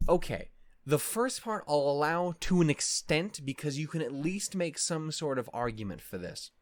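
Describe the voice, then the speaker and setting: A man rants in an animated, mock-outraged way, and his pitch swings widely as he goes. He swears freely and rambles, trips over restarts, then circles back to his point. The sound is dry and close, with no room echo. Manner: rambling with many fillers and restarts. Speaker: anime discussion host. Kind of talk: casual rant.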